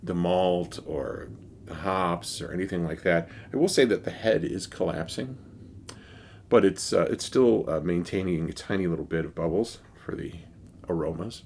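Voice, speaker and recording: Male beer vlogger, lowish voice, casual and rambling with a wry humor. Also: moderate pace, a little mellow, a little hiss or hum. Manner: rambling, wry, many fillers. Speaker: beer reviewer. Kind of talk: casual beer review vlog.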